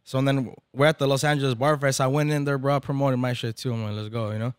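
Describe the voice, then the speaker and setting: A man's voice: mid-range voice, level tone, fast talker, smooth, dry recording, studio quality. Slangy, profane man telling a story. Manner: slangy, profane, mixes in Spanish. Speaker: barber event organizer, podcast guest. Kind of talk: casual storytelling chat. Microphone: podcast microphone.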